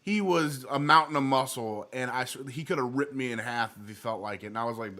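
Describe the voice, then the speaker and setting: A man's voice: medium pitch, normal speed. A man joining his wife on stream, telling a story against himself with acted-out quotes. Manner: animated, self-mocking, acts out quotes. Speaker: co-host, the streamer's husband. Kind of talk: casual storytelling.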